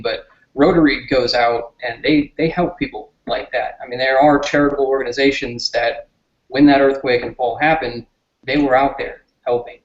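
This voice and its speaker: A man with a Southern US accent, a political guest speaking earnestly in a toned-down way in a casual interview. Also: medium pitch. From southern United States. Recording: roomy, dull lo-fi sound.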